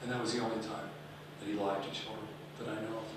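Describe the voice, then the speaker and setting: A man's voice: lowish voice, quick pace, noisy background. A man telling stories dramatically to an audience. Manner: dramatic, animated storytelling. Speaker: speaker. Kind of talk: storytelling talk. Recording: echoey hall, speaker far from mic.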